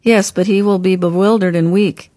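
A woman reading the part of a gentle older brother in an audiobook, speaking calmly and softly. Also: sits high, normal speed, dry recording, clean studio sound, lightly acted. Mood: soothing. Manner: gentle, calm, softly reassuring. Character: gentle grown man, a caring older brother.

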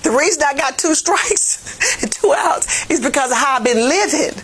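A woman Bible teacher preaching a lesson in a fervent, plain-spoken way, her voice swelling to near-shouts. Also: high-pitched, animated, brisk, rough recording. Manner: folksy, plain-spoken phrasing. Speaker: jail ministry Bible teacher.

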